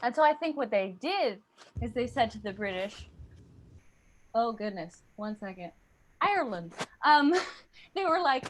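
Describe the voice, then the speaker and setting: A young woman doing a stand-up comedy set, animated and slipping into accent impressions. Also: fairly high pitch, a little slow, pauses often, background noise.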